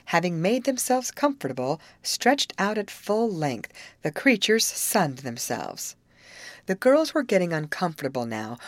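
Expressive woman reading a storybook. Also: on the low side, dry recording. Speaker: audiobook reader. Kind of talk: scripted narration.

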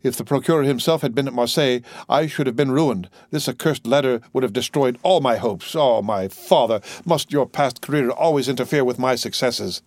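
A man's voice: mid-range voice, fairly quick, hardly any pauses, no echo, close to an everyday voice. A man reading the part of a scheming, anxious deputy prosecutor in an audiobook, urgent and secretive. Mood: dismayed.

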